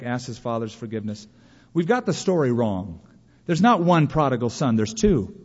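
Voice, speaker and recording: A man preaching a sermon to a congregation, lively and storytelling, acting out imagined complaints in a raised voice. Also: a little high. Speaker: pastor. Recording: dull lo-fi sound with long reverb of a large hall.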